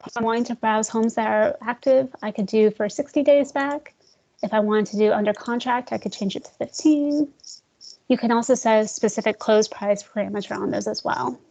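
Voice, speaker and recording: A woman leading a screen-share software tutorial for real estate agents, talking casually, calling her listeners "guys" and joking about slow screens. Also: on the high side, fairly even intonation, creaky, low-quality recording. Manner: chatty, addresses audience as guys, jokes about glitches.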